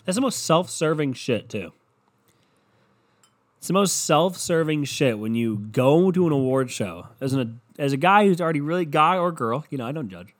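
A man on a sarcastic, profanity-laced comedy rant whose pitch swings widely from low grumbles to high jabs. He sits at an ordinary middle pitch and sounds loose and mocking. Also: expressive, moderate pace. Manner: sarcastic, swears freely, mocks people in put-on voices.

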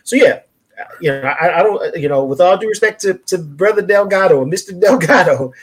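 Husky-voiced man speaking with fervor. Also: high-pitched, fairly quick. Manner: preacherly, cites scripture, frequent restarts. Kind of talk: impassioned casual discussion.

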